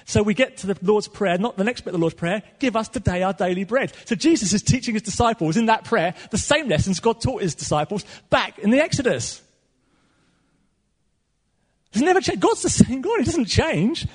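A man preaching a sermon in a church hall, animated and swinging between loud and soft. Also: high voice, slightly rough. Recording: long reverb of a large hall.

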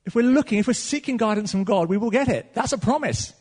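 High-voiced preacher in a reverberant hall. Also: male voice, fast, breathy edge. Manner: animated preaching, swinging from loud to soft. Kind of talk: sermon. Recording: long reverb of a large hall.

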